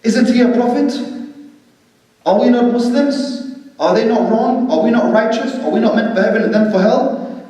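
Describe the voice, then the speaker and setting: Man shouting as an angry early Muslim. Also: very high-pitched, voice pushed up. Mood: indignant. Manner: rapid pointed questions, raised voice. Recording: echoey hall, distant mic.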